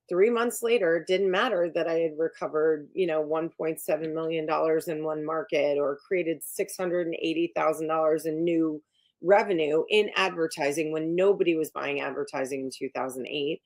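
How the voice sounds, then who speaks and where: Low-voiced, emphatic woman coach. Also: normal speed. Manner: emphatic, animated storytelling with many fillers and restarts. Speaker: executive coach, guest. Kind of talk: podcast interview.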